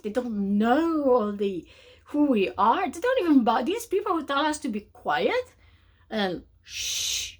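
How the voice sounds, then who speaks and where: Woman giving a slow motivational talk, kinda high voice, lots of darling and mocking little voices. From from outside North America. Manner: animated, mocking voices of naysayers, calls listener darling. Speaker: spiritual show host.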